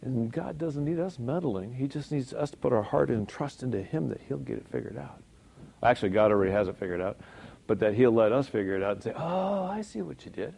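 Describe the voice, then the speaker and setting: Talking fast in a medium-pitched, creaky yet warm voice, this Christian speaker delivers an informal sermon. He keeps it conversational, chuckling frequently and poking fun at himself.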